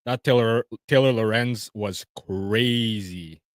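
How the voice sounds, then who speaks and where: A man's voice: lowish voice, slow, no echo. Man streamer, mocking clip reactions, slangy, dry close mic. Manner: mocking, slangy, laughs a lot. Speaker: livestream host. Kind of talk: reacting to clips on a livestream.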